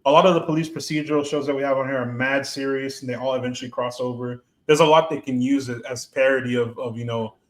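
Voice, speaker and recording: A man's voice: mid-range voice, fairly even intonation, fast, hardly any pauses. Laid-back young man on a podcast. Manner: laid-back, profane, conversational. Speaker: podcast co-host. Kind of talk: casual chat.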